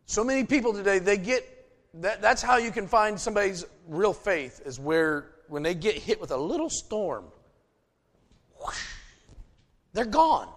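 A man's voice: high voice, very animated, unhurried, pauses often, a bit bright. A middle-aged man preaching a sermon, emphatic and folksy, telling personal stories to his congregation. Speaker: pastor. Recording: long hall reverb.

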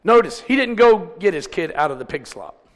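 A middle-aged man preaching a sermon as pastor, swinging between loud, drawn-out peaks and quiet asides. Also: sits high, very animated, big-room sound.

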